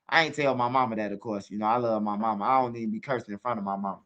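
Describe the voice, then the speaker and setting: A man with a Chicago accent rambles through profane stories, tossing "bro" into nearly every line. His voice is bright and forceful at a middling pitch, and he keeps turning to his viewers to ask what they think. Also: fairly even intonation, fast, clear, resonant tone. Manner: talks straight to viewers, asks for comments. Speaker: channel host. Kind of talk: casual storytelling monologue.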